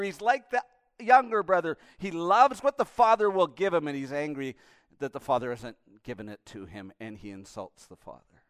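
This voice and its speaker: A male pastor preaching a sermon with passion, swinging between hushed and loud passages. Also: very high-pitched, clean tone, no echo, studio quality.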